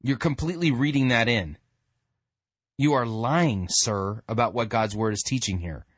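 A man's voice: medium pitch, normal speed, breathy edge, no echo. A man hosting a sermon review, bluntly and scornfully critiquing the clips he plays. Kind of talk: critical commentary.

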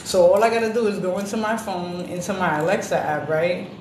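A woman chatting casually on a podcast, telling lively stories with plenty of swearing and acted-out voices. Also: on the low side, fairly quick. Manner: animated storyteller, profane, acts out other voices. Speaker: podcast co-host. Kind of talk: casual chat. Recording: roomy with background noise.

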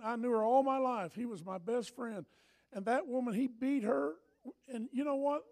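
Older male pastor, high gravelly voice, storytelling sermon that swings from soft to loud.

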